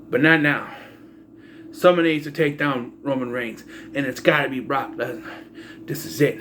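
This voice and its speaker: A man's voice: medium pitch, normal speed, a bit bright, a little hiss or hum. A man giving casual, sarcastic commentary as a wrestling vlogger, ranting with mock-announcer flourishes.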